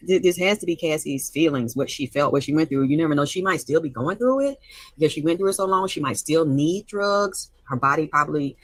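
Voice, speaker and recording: A woman's voice: extremely low pitch, dry recording. Shaky-voiced woman, rambling anxiously. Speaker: live-stream host. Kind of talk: emotional live-stream monologue. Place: at home by the stove.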